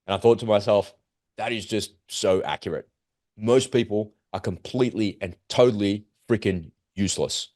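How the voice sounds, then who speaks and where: A man's voice: lowish voice, normal speed, a little mellow, dry recording, clean studio sound. A man, co-hosting a podcast in heated, emphatic casual talk. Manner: heated, emphatic, acts out quoted voices. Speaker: podcast co-host. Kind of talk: casual conversation.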